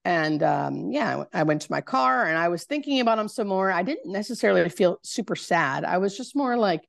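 A woman, a hospice nurse, telling a personal story in a podcast interview, halting and searching for words with many fillers. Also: fairly low pitch, expressive, creaky, dry recording, studio quality.

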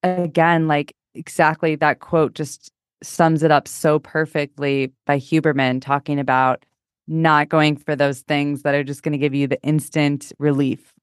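A woman's voice: sits low, level tone, unhurried, clean tone, no room sound, studio quality. A woman speaking as a guest coach in a casual interview, upbeat and encouraging, laughing often.

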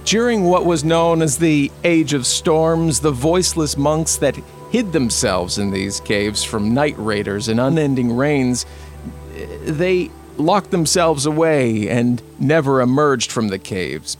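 A man narrating as the game master of a tabletop role-playing game, describing scenes slowly with pauses. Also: mid-range voice, animated, faint music behind.

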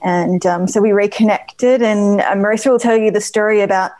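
A woman from Australia with an Australian accent, a company co-founder guesting on a podcast, relaxed and a bit hesitant. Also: mid-range voice, fairly quick. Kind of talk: casual podcast interview.

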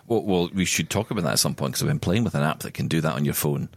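A man's voice: extremely low pitch, animated, racing, husky, no echo. A man co-hosting a podcast, chatting casually and telling rambling stories full of asides. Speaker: podcast co-host. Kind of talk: casual chat.

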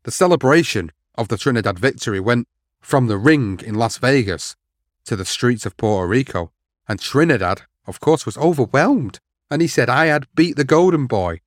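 A man's voice: medium pitch, animated, normal speed, no room sound, clean studio sound. A man hosting a boxing history show, telling the story steadily and reading out quotes. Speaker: podcast host.

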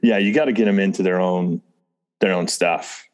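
A middle-aged man with a low-set voice talks in easy casual conversation. He rambles, doubles back on his words and laughs lightly often. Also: moderate pace, a little mellow. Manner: rambling, self-interrupting, chuckles often. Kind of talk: casual chat.

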